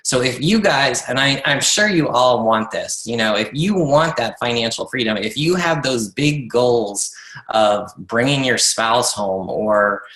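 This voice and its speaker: Bright-voiced man coaching his team. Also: medium pitch, measured pace, echoey room, low-quality recording. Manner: earnest, conversational, many fillers and restarts. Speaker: network marketing coach leading a team call. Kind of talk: motivational team call talk.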